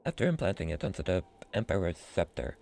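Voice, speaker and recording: A man voicing a stately male robot scholar in a slow, formal robotic monotone. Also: low-pitched, gravelly, voice pushed down, heavily acted. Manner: measured, formal delivery.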